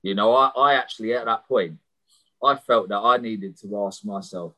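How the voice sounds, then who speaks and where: A man's voice: on the low side, normal speed, sharp tone, low-quality recording. A man preaching a sermon as a prison missionary, sharing stories in an earnest, conversational way and often repeating words as he starts a phrase. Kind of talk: sermon with personal testimony.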